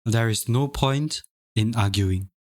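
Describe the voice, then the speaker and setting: A man's voice: mid-range voice, takes it slowly. A young man streaming live, chatting casually with lots of stammered restarts and laughter. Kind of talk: casual chat.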